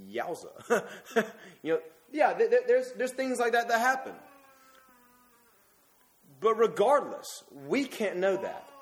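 A man's voice: high voice, very animated, takes it slowly, long pauses. A man preaching a sermon in an earnest, emphatic way, often restarting his words.

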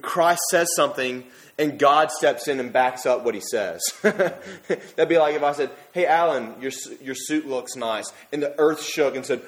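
A man's voice: medium pitch, lively intonation, normal speed. A young man preaching a sermon in a conversational way, with bursts of emphasis.

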